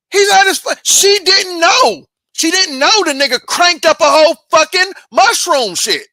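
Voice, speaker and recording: A woman's voice: very high-pitched, bright, forceful tone, no echo. A woman hosting a reaction channel, commenting bluntly with heavy profanity and repeating her points.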